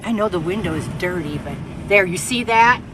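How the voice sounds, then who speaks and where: A woman's voice: fairly low pitch, lively intonation, brisk. A woman vlogging casually into her handheld phone from inside a bus home during a sandstorm, chatty and exclaiming, with rambling asides. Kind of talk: casual vlog talk to camera. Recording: storm noise around the bus.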